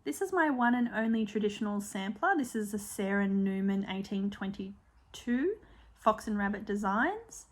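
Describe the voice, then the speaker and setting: A woman's voice: medium pitch, expressive, normal speed. Chatty Australian woman stitching vlogger. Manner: chatty and warm, with frequent ums and apologies. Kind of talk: casual show-and-tell chat.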